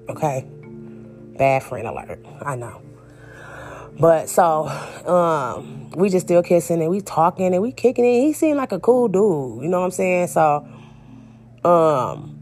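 A young woman, animated and slangy, telling a personal story and acting out the quotes. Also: deep voice. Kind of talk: casual storytelling.

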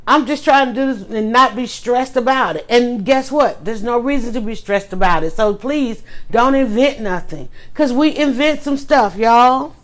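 A middle-aged woman talks straight to her audience in a casual vlog monologue. Her voice sits a touch high and grows emphatic, rising into heated outbursts as she rants. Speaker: blogger.

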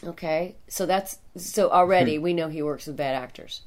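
A woman's voice: sits low, normal speed, a little mellow. A middle-aged woman, guest on a casual movie review chat, joking and laughing a lot as she talks. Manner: jokey, laughs often, breaks into mock voices. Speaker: guest co-host, actress and musician.

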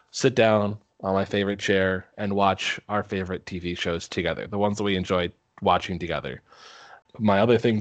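A man's voice: low voice, no echo. A man from Minnesota co-hosting a podcast, telling everyday stories in an easygoing, casual way. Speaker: podcast co-host. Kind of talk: casual chat.

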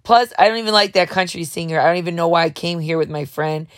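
A woman hosting her own show, telling a rambling comedic monologue in a dramatic, over-the-top way and jumping quickly between thoughts. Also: fairly low pitch, no echo, clean studio sound. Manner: talks fast, jumps between thoughts. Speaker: show host.

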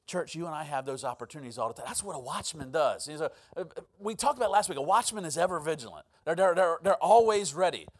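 High-voiced male pastor telling stories. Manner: storytelling, animated swings in volume, repeats words. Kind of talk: sermon.

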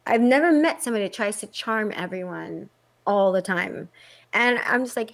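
A woman in casual chat, telling animated stories and acting out quotes with a laugh. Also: medium pitch, a little fast, creaky. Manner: animated storytelling, frequent laughs and acted-out quotes.

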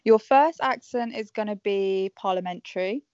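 A woman's voice: mid-range voice, normal speed, darkish tone, dry recording, highs cut off. A woman hosting a casual podcast game, bossy and teasing as she cheers others on. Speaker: podcast host running a game.

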